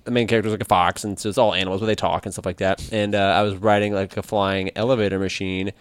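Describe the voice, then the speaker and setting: A man co-hosting a casual podcast, telling stories in a dry, deadpan way. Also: on the low side, fast, clean tone, dry recording. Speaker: podcast co-host.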